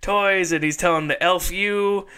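Bright, laughing male podcast host. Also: high-pitched, fairly even intonation, measured pace, clear, resonant tone. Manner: laughing often while retelling a sketch. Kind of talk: casual chat.

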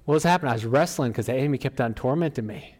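Speaking very fast, a middle-aged man preaches a sermon as pastor in a church, his delivery animated and emphatic as his pitch and volume repeatedly climb.

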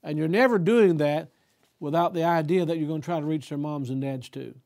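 An older male pastor preaching with emphatic force and a preacher's rise and fall. His voice sits a little higher than most men's, and he circles back over his phrases before pressing on. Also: a little fast, a little mellow. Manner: emphatic, repetitive restarts, preacherly cadence. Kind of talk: sermon.

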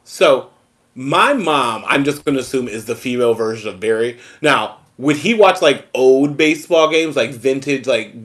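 A man's voice: mid-range voice, animated, normal speed, a bit bright. A man co-hosting a podcast, telling stories casually and acting out quoted conversations with laughter. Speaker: podcast co-host. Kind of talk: casual chat.

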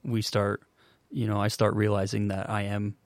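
A man in his twenties, a podcast guest, telling his story in an earnest, halting way with many restarts. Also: lowish voice, monotone, dry recording. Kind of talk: casual storytelling.

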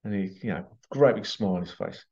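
A man's voice: sits low, a little fast, mellow. A man, a past life regression practitioner, telling anecdotes in a chatty way, laughing often and acting out what his clients said. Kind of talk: casual anecdotal storytelling. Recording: dull lo-fi sound.

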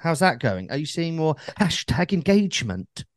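A man's voice: on the high side, big pitch swings, normal speed, no room sound. A man, co-hosting a podcast in casual chat with dry, joking banter. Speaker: podcast co-host.

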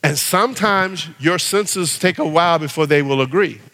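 A man preaching a sermon as pastor, animated, swinging from loud exhortation to hushed prayer. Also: on the high side, normal speed. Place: church sanctuary. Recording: long reverb of a church hall.

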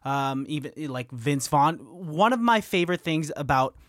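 A man's voice: on the high side, lively intonation, normal speed, no echo, studio quality. Chatty young man co-hosting a podcast. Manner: chatty, reacts and teases. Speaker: podcast co-host. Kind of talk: casual film review chat.

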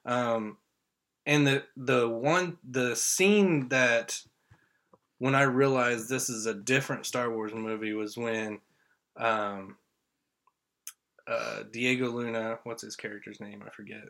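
A man from Indiana talks eagerly on a casual podcast, rambling through his thoughts. His voice is bright and clear, sitting at a middle pitch. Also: slow pace. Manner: excited, rambling fan talk. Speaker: podcast co-host. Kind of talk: casual chat.

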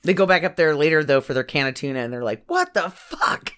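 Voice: mid-range voice, racing, fairly bright tone, clean tone. A co-host on a casual movie podcast, cracking jokes and playful asides. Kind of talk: casual movie-recap chat.

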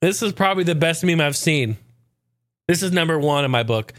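A man's voice: fairly high pitch, lively intonation, fairly quick, a bit bright, dry recording, clean studio sound. A man hosting a podcast in casual chat, rambling loosely, swearing freely and chuckling often. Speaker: podcast host.

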